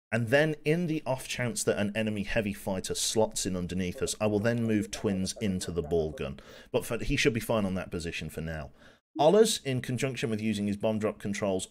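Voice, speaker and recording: A man in his twenties from England with a faint Birmingham accent, giving chatty, self-mocking commentary as he plays a game on a live stream. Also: fairly low pitch. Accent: light Birmingham. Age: 20s.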